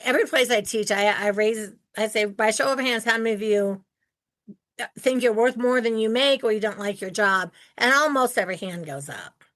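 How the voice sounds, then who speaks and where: A woman in her sixties from Ohio, hosting an interview podcast and telling animated stories with acted-out quotes. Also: on the high side, normal speed. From Ohio, United States. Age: 60s. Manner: animated storyteller, acts out quoted voices. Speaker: podcast host. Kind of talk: casual interview chat.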